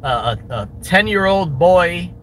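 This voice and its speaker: A man's voice: high voice, animated, measured pace, a bit bright, slight background noise, rough recording. A man telling a rambling parable to camera outdoors, repeating and restarting his phrases. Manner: rambling, repetitive, stammering restarts.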